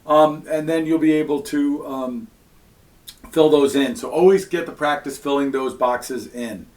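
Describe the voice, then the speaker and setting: Man, Latin teacher, patient step-by-step explainer, slightly higher voice, fillers between points. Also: measured pace, a little mellow. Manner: patient step-by-step explaining, frequent "all right" and "um". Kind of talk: recorded classroom lesson.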